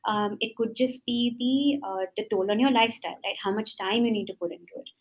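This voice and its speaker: A woman with an Indian English accent, a startup founder speaking as a webinar guest, thoughtful and measured with frequent ums. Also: a little high, fairly even intonation, rough recording. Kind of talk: webinar panel discussion.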